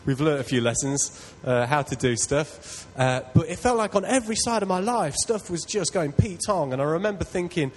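A man's voice: a little high, normal speed, few pauses, a little hiss or hum, rough recording. A man preaching a sermon, telling a personal story in an earnest, self-deprecating way. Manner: earnest, self-deprecating, builds to loud excitement.

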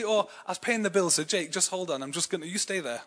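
A man's voice: high-pitched, quick pace, fairly bright tone. A young English man preaching a sermon in a chatty, self-deprecating way, telling personal stories with many fillers. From England.

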